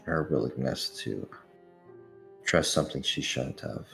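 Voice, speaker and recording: A man's voice: rumbling low, unhurried, vocal fry, fairly bright tone, soft background music. A man playing in a tabletop game, describing his character hesitantly with many fillers. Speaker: player.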